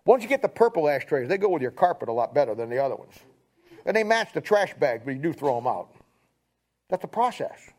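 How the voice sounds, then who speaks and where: Preacher guy, middle-aged, tells his sermon like a folksy story, voice sits a bit high. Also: very animated, fairly quick, darkish tone. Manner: folksy storytelling, acts out both sides of a talk. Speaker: pastor.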